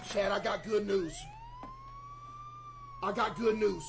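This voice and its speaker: A man streaming games to a live chat, barking loud commands and then muttering low asides to his viewers. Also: steady tone, slow pace, creaky, pauses often, very noisy. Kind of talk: live game-stream chatter.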